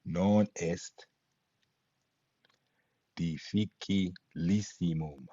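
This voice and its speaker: A man teaching Latin pronunciation, patiently spelling out letters and sounds with a husky voice. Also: low voice, extremely slow, mellow, dry recording. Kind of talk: pronunciation lesson. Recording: dull lo-fi recording.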